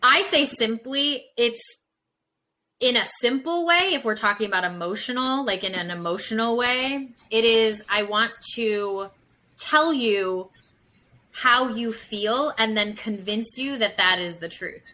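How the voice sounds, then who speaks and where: A woman's voice: fairly high pitch, measured pace, sharp tone, rough recording. A woman psychotherapist talking casually as a podcast guest, full of fillers and acting out examples as she explains. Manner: chatty, many fillers, acts out examples.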